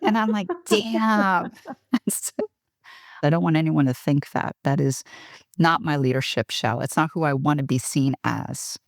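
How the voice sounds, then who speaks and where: A woman's voice: low voice, normal speed, vocal fry, no room sound, clean studio sound. A middle-aged woman, a guest on an interview podcast, telling frank, self-deprecating stories and acting out the dialogue. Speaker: guest, HR executive. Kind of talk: candid podcast storytelling.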